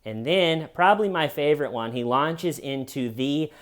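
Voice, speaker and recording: A man's voice: a little high, expressive, normal speed, hardly any pauses, a bit bright. A man giving casual comedic commentary with a wry, sarcastic delivery.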